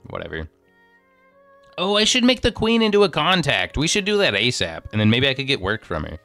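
Bright-voiced young man rambling over a game. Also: medium pitch, wildly swooping pitch, a little fast, gravelly, no echo, faint music behind. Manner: rambling, thinking aloud, self-deprecating. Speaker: game streamer. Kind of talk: casual gameplay commentary. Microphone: desk microphone.

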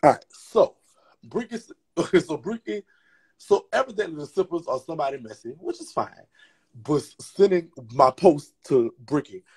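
Man, livestream host, raspy, gravelly, sassy gossip, lively swooping pitch. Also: normal speed. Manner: sassy, profane, chatty.

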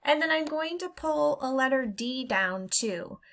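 A woman leads a phonics lesson for young children, sounding out each letter slowly and warmly cheering them on. Her voice is bright and fairly high. She leaves room after each sound for the children to repeat it. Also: animated. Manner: slow, encouraging, drawn-out sounds. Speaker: teacher.

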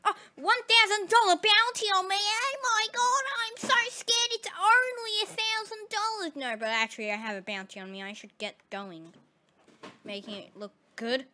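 A woman giving casual, excitable commentary over her gameplay, often exclaiming and laughing. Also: extremely high pitch, moderate pace, background noise. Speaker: gaming channel host.

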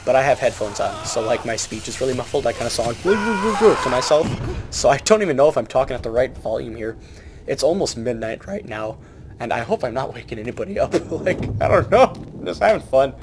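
A man's voice: medium pitch, big pitch swings, fairly quick, background noise. A young man giving a rambling, joking let's play commentary from home at night. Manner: rambling, joking, self-mocking. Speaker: gamer. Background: game music.

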